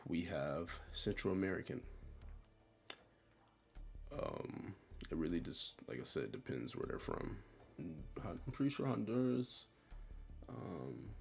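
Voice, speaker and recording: A man's voice: deep voice, creaky, a little mellow. A young man giving casual, rambling commentary while ranking a tier list, in a slangy and offhand way.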